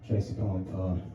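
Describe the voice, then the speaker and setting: A man's voice: low-pitched, dark tone, far from the mic, lo-fi sound. A man doing a stand-up comedy set, chatty and swearing, acting out phone calls, with a crowd laughing behind him. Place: small pub comedy room. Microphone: handheld mic, filmed from far by tripod camera. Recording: roomy pub room from afar with crowd laughter.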